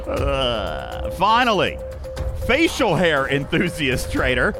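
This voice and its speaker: Animated, laughing podcast host. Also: male voice, mid-range voice, measured pace, music in the background. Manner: animated, laughs through his jokes. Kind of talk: comedic news bits and casual chat.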